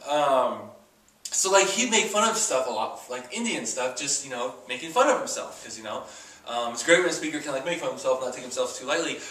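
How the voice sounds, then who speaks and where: A man's voice: medium pitch, lively intonation, fairly quick, a bit bright. A man co-hosting a casual chat show, telling long stories full of fillers. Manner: rambling, filler-heavy storytelling. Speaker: podcast co-host. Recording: echoey room, mic at a distance.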